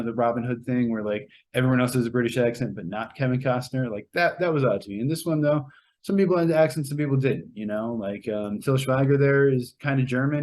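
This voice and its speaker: A man's voice: medium pitch, a little mellow. A man giving a casual, rambling spoken movie review, with many fillers and restarts. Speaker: movie reviewer, show co-host.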